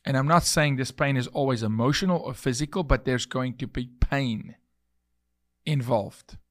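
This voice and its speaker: A man's voice: mid-range voice, normal speed, fairly bright tone, no room sound, clean studio sound. A man hosting a podcast, delivering an emphatic, preachy monologue full of repeated phrases and illustrative stories. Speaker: podcast host.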